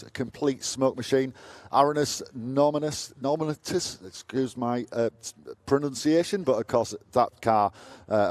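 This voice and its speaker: A man co-commentating live at a motorsport event, relaxed and hesitant. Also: mid-range voice, dry recording. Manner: relaxed, lots of "uh" fillers.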